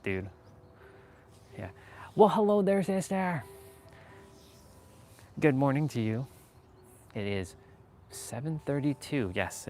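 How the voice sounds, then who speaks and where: A man's voice: on the low side, a little hiss or hum. A man hosting a casual motivational live stream, talking earnestly and rambling with lots of fillers and laughs.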